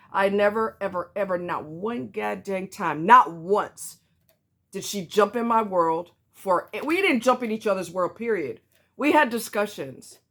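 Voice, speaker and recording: Woman venting on her vlog, blunt, hammers the same words over and over, medium pitch. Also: fairly bright tone. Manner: blunt, emphatic, repeats herself for stress. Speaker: vlogger. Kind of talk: ranting to camera.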